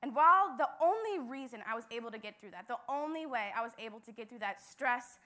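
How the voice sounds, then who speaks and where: A woman's voice: on the high side, animated, fast talker, sharp tone. A young woman, a church intern, giving an earnest devotional message with emphatic repetition.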